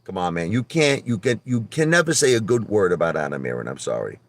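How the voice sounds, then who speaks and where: A man with a Brooklyn New York accent, talking in a casual livestream rant from his car, animated and profane, swinging from loud outbursts to low muttering. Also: fast talker. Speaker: livestream host.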